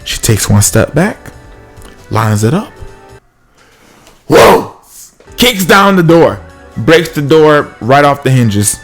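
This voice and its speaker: A man's voice: a little high, big pitch swings, a little slow, soft background music. A man casually telling a comic personal story, acting out the other people's voices.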